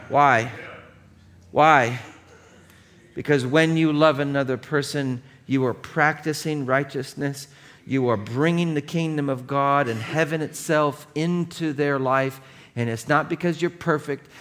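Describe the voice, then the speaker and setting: A man's voice: fairly high pitch, fairly even intonation, normal speed, fairly bright tone. A man in his thirties, a pastor giving a conversational, storytelling sermon that builds into impassioned preaching.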